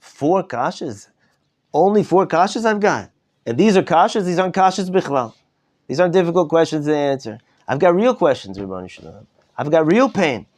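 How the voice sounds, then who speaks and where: An elderly holy man pours out his anguish to God, his voice climbing high and loud, as a male teacher acts him out. The pleading is impassioned and insistent, rising in pitch line after line. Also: animated, fairly quick.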